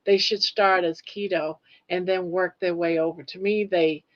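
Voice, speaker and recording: A woman's voice: fairly low pitch, fairly even intonation, moderate pace. A woman co-hosting a casual live chat, easygoing and full of fillers. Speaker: co-host guest. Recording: dull lo-fi audio.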